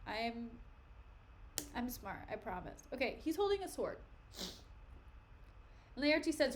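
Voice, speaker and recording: A woman's voice: a little high, big pitch swings, takes it slowly, pauses often, slight background noise. A young woman streaming a play reading, joking in chatty asides between the lines. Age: young adult. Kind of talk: casual dramatic reading with commentary.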